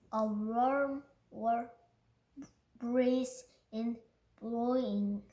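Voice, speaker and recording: Woman, Korean first language, reading a picture book, halting, very slow, echoey room. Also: on the high side, a little mellow. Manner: careful, halting, stumbles on words. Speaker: reader.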